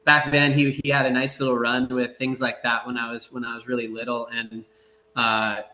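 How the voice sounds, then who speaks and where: A middle-aged man chatting as a podcast guest, telling rambling, relaxed stories with many fillers and acted-out quotes. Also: mid-range voice, normal speed, roomy sound, a little hiss or hum. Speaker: surf broadcaster, podcast guest. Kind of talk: casual storytelling in a podcast interview.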